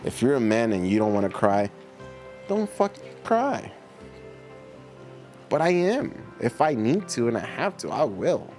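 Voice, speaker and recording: A man's voice: mid-range voice, sing-song, measured pace, long pauses, a little mellow, faint music behind. A middle-aged man hosting a livestream, chatting casually with viewers in a laid-back, slangy way and laughing often. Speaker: livestream host reading chat. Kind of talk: casual chat reading viewer comments.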